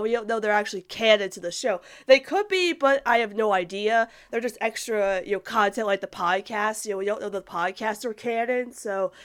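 A young woman chatting casually as a host, rambling with lots of fillers and restarts while reading viewer comments. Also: a little high. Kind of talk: casual fan chat.

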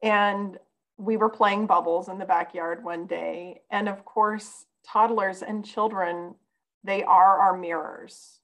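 A woman's voice: medium pitch, steady tone, takes it slowly, fairly bright tone, rough recording. A woman guest on a podcast, telling a personal story in an earnest, conversational way.

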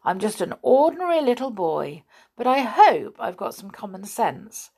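A woman voicing a sensible little boy who talks in a brisk, impatient, matter-of-fact way. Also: mid-range voice, very animated, darkish tone, husky, voice pushed up.

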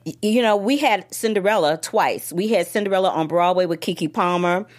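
A woman's voice: lowish voice, normal speed. A woman hosting a film critic show, talking emphatically and straight to her viewers in a casual chat. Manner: emphatic, animated, talks straight to the audience.

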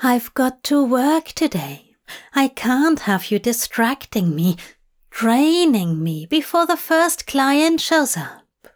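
A woman voicing a prim, gentle man in a fan fiction audiobook reading, speaking sweetly and coaxingly. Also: sits high, very animated, slow pace, heavily acted.

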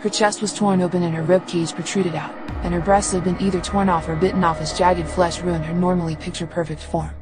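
A woman giving steady, unhurried first-person audiobook narration. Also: on the low side, music in the background, rough recording.

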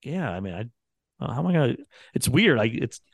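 A man's voice: medium pitch, sing-song, brisk, vocal fry, breathy edge, no echo. A man, a radio producer chatting casually on a podcast and acting out quotes from the people in his stories. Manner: rambling storyteller, acts out quotes.

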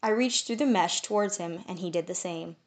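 A woman narrating a first-person fantasy audiobook in a measured, expressive way. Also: lowish voice.

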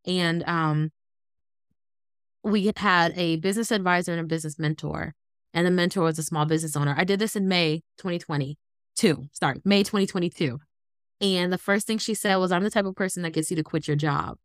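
A woman in her thirties, a guest on an interview, telling her story in an animated, earnest way. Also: fairly low pitch, brisk, clear, resonant tone, no echo, clean studio sound. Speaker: guest, entrepreneur.

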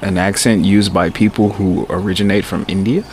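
A man's voice: low voice, steady tone, normal speed, a little mellow, slight background noise. A man co-hosting a casual podcast, trading profane jokes and laughing often. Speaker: podcast co-host. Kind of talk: casual chat.

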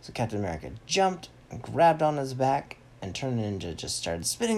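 A man playfully making up a story aloud for a child, animated and teasing. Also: medium pitch, moderate pace, few pauses, a little hiss or hum. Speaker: parent telling a story to a child. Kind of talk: improvised bedtime story.

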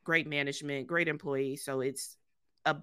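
Low bright-voiced congested woman. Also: fairly even intonation, normal speed, clear, resonant tone. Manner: chatty, trailing fillers and restarts. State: congested from a cold. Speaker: podcast co-host. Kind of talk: casual chat.

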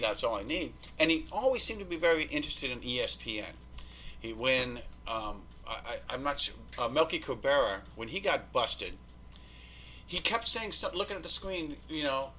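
Animated, swearing male podcast guest. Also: on the high side, slight background noise. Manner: animated, swearing, acts out quoted dialogue. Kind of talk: storytelling interview.

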